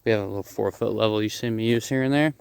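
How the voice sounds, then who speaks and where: A man casually explaining a DIY job as he works outdoors, rough-spoken, swearing freely and joking at his own expense. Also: on the low side, rapid-fire, darkish tone, no echo, studio quality. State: out of breath at times. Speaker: DIY vlogger. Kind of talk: casual how-to narration while working outdoors. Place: outdoors at a digging site.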